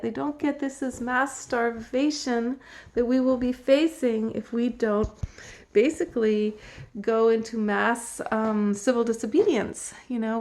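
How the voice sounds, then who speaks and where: A middle-aged woman hosting her own show, talking casually and animatedly to the camera from home, laughing often and acting out the people she quotes. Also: on the high side. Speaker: host. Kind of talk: casual direct-to-camera talk. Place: home, emptied out.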